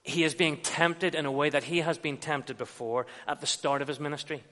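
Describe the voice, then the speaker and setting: A man's voice: a little high, steady tone, normal speed, bright, forceful tone. Man preaching in a reverberant hall. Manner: expository preaching, acts out quoted dialogue. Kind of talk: sermon. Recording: long reverb of a large hall.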